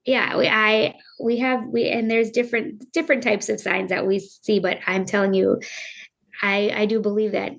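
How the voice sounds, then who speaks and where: A middle-aged woman, a bereaved mother, telling her story earnestly and haltingly as a podcast guest. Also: medium pitch, little pitch movement, creaky, lo-fi sound. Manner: earnest, halting, circling back on her words. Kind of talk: emotional personal storytelling.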